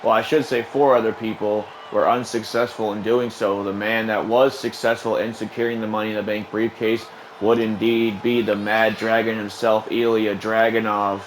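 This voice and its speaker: A young man hosting a show and calling wrestling play-by-play over a video game, getting louder and more excited on the big moves. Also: lowish voice, normal speed, slight background noise, rough recording.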